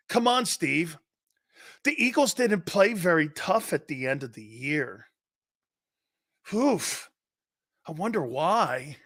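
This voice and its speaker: A man with a Philadelphia accent hosting an opinionated sports talk show, loud and excitable, often laughing and shouting. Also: a little high, slow, creaky, long pauses.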